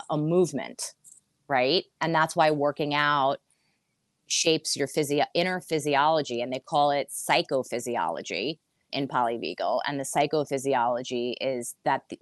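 Woman, low pitch, therapist guest on a podcast, earnest and repetitive explainer, dry close sound. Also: dry recording. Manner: earnest, repeats phrases for emphasis. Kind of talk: conversational explaining. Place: seated in a chair.

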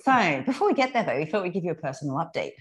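A woman's voice: fairly low pitch, big pitch swings, racing. A woman in her thirties co-hosting a podcast, talking frankly, laughing often and swearing freely. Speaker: podcast co-host, fitness coach. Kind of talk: casual chat.

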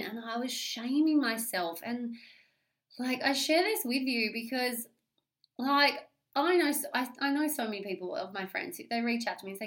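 An Australian woman talking openly and at length in a solo podcast, confessional and animated, swearing freely and rambling with restarts. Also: a little high, moderate pace. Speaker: podcast host. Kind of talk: candid solo podcast monologue.

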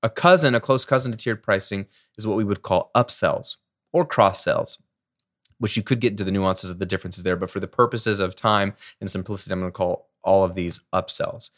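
A middle-aged man from the United States hosting a solo podcast, explaining ideas in a lively, conversational way with everyday examples. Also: deep voice, brisk. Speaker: podcast host. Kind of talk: casual solo podcast teaching.

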